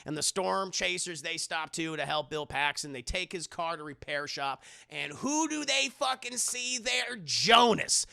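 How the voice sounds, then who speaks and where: A young man recapping a movie to his stream chat in an animated, profane way, acting out the characters. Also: a little high, unhurried, gravelly, few pauses. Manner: animated, profane, acts out characters in mock voices.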